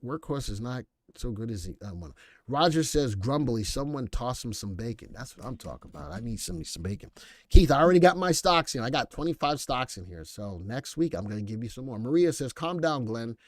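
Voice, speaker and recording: A man's voice: medium pitch, big pitch swings, fairly quick, dry recording, studio quality. A man hosting a live stock analysis stream, reading viewer chat aloud and joking between picks. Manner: playful, reads viewer chat aloud, jokey asides. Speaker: stock analysis livestream host. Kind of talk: casual live market commentary.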